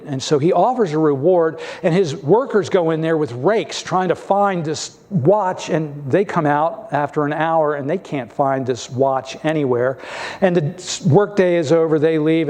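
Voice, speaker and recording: Brief: male pastor, somewhat high voice, storytelling sermon with light humor. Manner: storytelling preacher with gentle humor.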